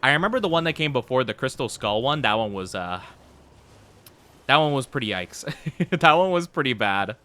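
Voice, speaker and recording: A man's voice: mid-range voice, very animated, moderate pace, pushed and bright, clean tone. A man streaming a video game, chatting playfully with his viewers in a casual commentary style and laughing often. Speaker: VTuber streamer. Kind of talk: casual gaming commentary to chat.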